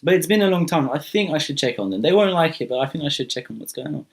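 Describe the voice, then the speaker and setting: A man's voice: a little high, animated, fast, creaky, slightly rough, pitched above the performer's own voice, full character voice. A man voicing a friendly, curious male dragon made of pure light, who talks in a casual, slangy way in a spoken creation story. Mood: amazed. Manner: casual, chatty, slangy, exclaiming.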